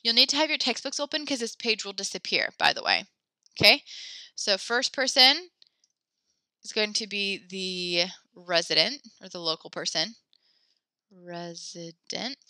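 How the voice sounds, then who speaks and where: A woman's voice: medium pitch, sharp tone, no room sound. A woman teaching a French class online, chatty and encouraging, with many fillers as she explains tasks. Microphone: computer mic in a video class.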